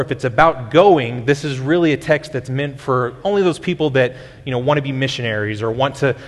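A male pastor, preaching a sermon in a conversational teaching way, often restarting his sentences. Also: mid-range voice. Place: church sanctuary. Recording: long hall reverb.

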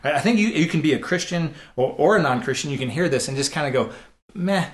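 A man's voice: fairly high pitch, animated, fast. Earnest conversational male preacher. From United States. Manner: conversational, earnest, many restarts and repeated words. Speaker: pastor. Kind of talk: sermon.

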